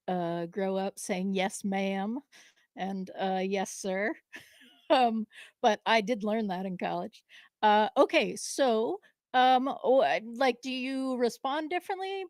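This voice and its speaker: A woman from New England co-hosting a show, talking casually and haltingly, with many fillers and frequent laughs. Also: on the high side, no room sound, studio quality. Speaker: podcast co-host. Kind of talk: live casual conversation.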